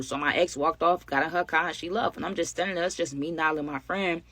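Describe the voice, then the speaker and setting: A young woman telling a story in casual, animated talk, speaking straight to her viewers. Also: deep voice, fast talker, few pauses, dry recording. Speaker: storytime vlogger.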